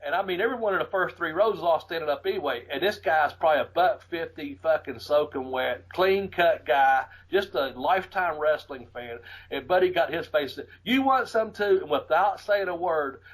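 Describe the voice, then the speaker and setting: Middle-aged man, cussing storyteller, animated, laughs a lot, slightly high voice. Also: moderate pace, few pauses, slightly rough, rough recording. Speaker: podcast host and former wrestler. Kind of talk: casual storytelling.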